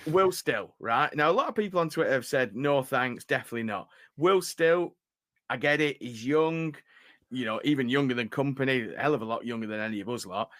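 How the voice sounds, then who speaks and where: A man's voice: medium pitch, expressive, moderate pace, a bit bright, no echo, studio quality. A man with a northern English accent hosting a casual football podcast, chatty and laughing easily. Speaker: podcast host.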